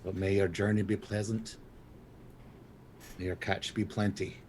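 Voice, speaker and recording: A man voicing a solemn ancient male sea spirit, speaking in a slow, ceremonial cadence. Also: sits low, little pitch movement, darkish tone, slight background noise, pitched below the performer's own voice. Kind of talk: game master voicing a spirit.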